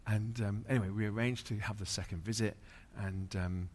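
A man's voice: lowish voice, steady tone, normal speed. A man, a pastor, preaching through an anecdote, with many fillers and restarts. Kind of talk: sermon storytelling.

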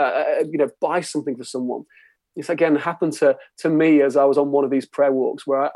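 A man's voice: on the high side, a little mellow, dry recording. A man giving an earnest, conversational church teaching talk, often checking in with "okay?" as a pastor.

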